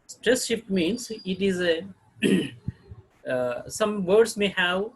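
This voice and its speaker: Husky Indian-accented man teaching pronunciation. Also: high-pitched, expressive, poor audio. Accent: Indian English. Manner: halting, frequent throat clearing and filler sounds. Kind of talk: lecture-style video lesson.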